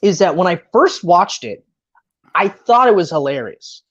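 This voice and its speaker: A woman's voice: fairly low pitch, sing-song, a little slow, breathy edge, lo-fi sound. A woman co-hosting a casual movie review podcast, laughing often and swearing freely as she retells scenes. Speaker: podcast co-host.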